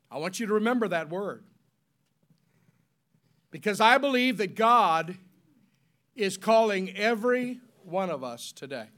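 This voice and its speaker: A man preaching a sermon, spelling words out slowly and leading the congregation in call-and-response, swinging from loud emphatic peaks to soft solemn tones. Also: sits high, lively intonation.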